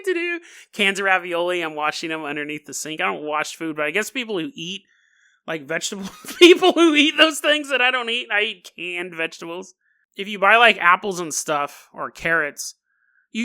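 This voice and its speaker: Man podcast host, high voice, very lively, jokey storytelling with laughs. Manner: animated and jokey, laughs often, asides to the listener.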